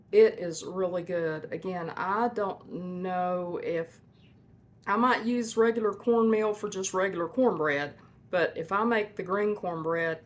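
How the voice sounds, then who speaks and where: A woman hosting a homestead cooking vlog from her kitchen, chatting to viewers in a folksy way. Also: lowish voice. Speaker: homestead cooking channel host. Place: home kitchen.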